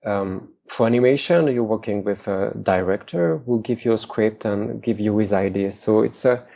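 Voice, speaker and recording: A man's voice: lowish voice, creaky, mellow. A man from France with a French accent, a concept artist being interviewed, who talks hesitantly and often repeats words as he searches for them. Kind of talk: casual interview talk.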